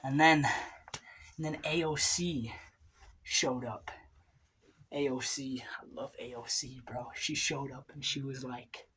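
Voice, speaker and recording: A woman telling an absurd satirical story in a deadpan, casual drawl. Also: very deep voice, takes it slowly, pauses often, husky. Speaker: comedian.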